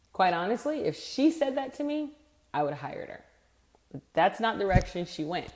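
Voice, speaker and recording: A woman's voice: mid-range voice, big pitch swings, moderate pace, darkish tone. A woman in her forties giving a blunt, emphatic sales rant, acting out quoted people as she goes. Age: 40s. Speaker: sales speaker. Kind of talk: ranting monologue.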